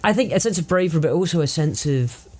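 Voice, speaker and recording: A man's voice: a little high, expressive, quick pace, darkish tone. A man co-hosting a podcast, brainstorming a story in casual chat and thinking aloud with frequent laughs. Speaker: podcast co-host.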